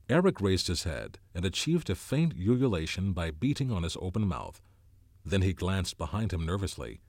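A man reading a novel aloud as an audiobook narrator, with tense, expressive storytelling. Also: sits low, normal speed, no echo, clean studio sound. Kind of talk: scripted narration.

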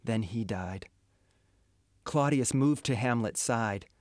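A man narrating a storybook in a slow, measured reading. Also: mid-range voice, dry recording, studio quality.

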